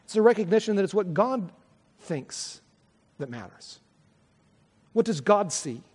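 A man's voice: high voice, big pitch swings, unhurried, a little mellow, slightly rough, long reverb tail. A man preaching a sermon as pastor, earnest and conversational, often restarting his sentences.

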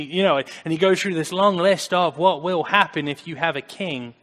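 A man preaching a conversational sermon, earnest, swinging between loud emphasis and quiet asides. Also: a little high, normal speed, few pauses. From United States. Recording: long hall reverb.

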